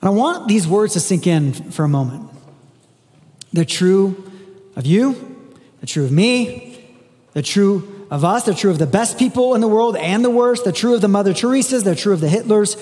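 A man's voice: high voice, expressive, moderate pace, darkish tone, in a large hall. A man preaching a sermon in a conversational way, reading scripture aloud with emphasis. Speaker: pastor.

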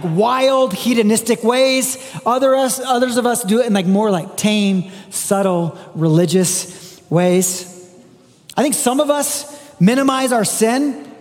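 Male pastor, high voice, earnest conversational sermon delivery, echoing church hall. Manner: earnest, conversational preaching with frequent restarts.

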